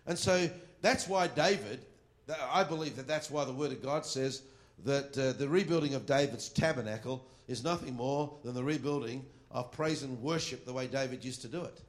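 A man with a mid-range voice preaches on worship, reading scripture aloud slowly and firmly and slipping into quiet asides.

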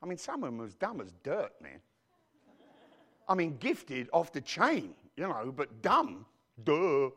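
A man's voice: a little high, huge pitch swings, a little slow, bright, forceful tone, breathy edge. A male pastor preaching a sermon in a church, who keeps calling out to the congregation with questions as he goes. He grew up outside the United States. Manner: preachy call-and-response with the congregation.

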